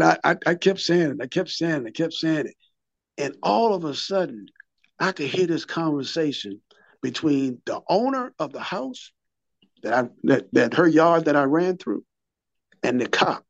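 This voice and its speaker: A man's voice: a little high, lively intonation, unhurried, creaky, no room sound, muffled recording. A man in his fifties or older, telling his recovery story in an interview, a vivid storyteller who repeats and restarts his words and acts out what people said.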